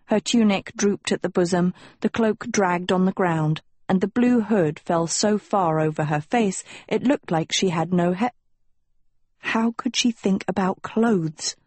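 Slow, breathy woman narrator. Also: fairly low pitch, dry recording. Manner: measured, expressive storytelling. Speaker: audiobook narrator. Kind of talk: scripted narration.

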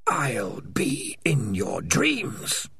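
A sinister, non-human rat-spirit in a storybook reading, hissing out its words slowly in a breathy whisper. The sound is dry and close, and the voice dips and climbs widely as it taunts. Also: male voice, on the low side, huge pitch swings, bright, forceful tone, no echo, soft background music, heavily acted. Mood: menacing. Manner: slow, breathy, menacing whisper. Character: sinister male rat-mind whispering in a cat's head.

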